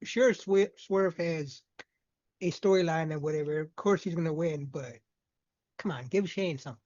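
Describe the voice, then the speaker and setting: A man's voice: a little high, moderate pace, a little mellow. A man co-hosting a casual wrestling podcast who mostly adds brief remarks and agrees. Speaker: podcast co-host. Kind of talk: casual wrestling recap chat. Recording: dry, dull lo-fi sound.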